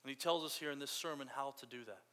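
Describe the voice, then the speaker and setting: A man's voice: mid-range voice, fast talker, a bit bright. A man preaching a sermon in a casual, storytelling way. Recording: long hall reverb.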